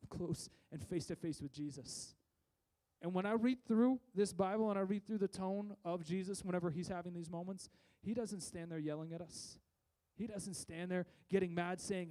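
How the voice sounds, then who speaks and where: High-voiced man preaching a sermon. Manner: conversational, with frequent restarts and voiced asides; rises and drops in loudness for emphasis. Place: church.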